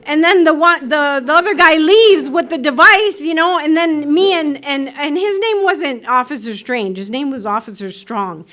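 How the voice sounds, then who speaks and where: A woman speaking at a recovery meeting, telling her story in a lively way, acting out voices and laughing often. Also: high-pitched, normal speed, few pauses. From United States. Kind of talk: personal recovery talk. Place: meeting room.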